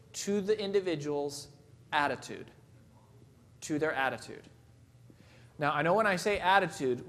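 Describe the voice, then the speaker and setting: A man delivers a motivational keynote in a loose, conversational way. His voice sits high for a man. He pokes fun at himself and often restarts his sentences. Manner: conversational, self-deprecating, frequent restarts. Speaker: motivational speaker. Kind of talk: keynote talk with personal stories.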